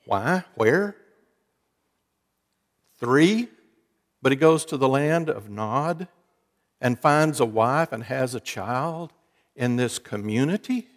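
A man's voice: mid-range voice, lively intonation, takes it slowly, long pauses. A man preaching a sermon, telling folksy jokes and stories with wry asides to his congregation. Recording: long hall reverb.

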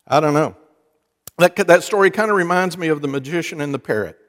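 A man delivers a sermon in a church sanctuary, spinning folksy jokes and wry asides for his congregation. His voice sits a little high, and it rings out with a long hall reverb. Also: fairly quick, a bit bright. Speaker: preacher.

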